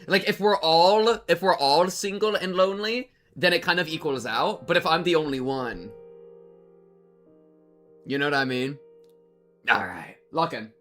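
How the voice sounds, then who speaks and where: A young man streaming a game, chatting to his viewers in a rambling, jokey, excitable way and sometimes reading the game text aloud. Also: fairly high pitch, unhurried, long pauses, soft background music. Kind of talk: casual game-reaction commentary.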